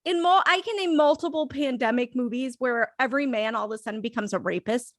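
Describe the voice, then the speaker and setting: A woman's voice: high voice, quick pace, no echo, clean studio sound. A woman co-hosting a casual movie review chat, blunt and joking. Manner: blunt, joking, laughs often. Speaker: podcast co-host reviewing a film.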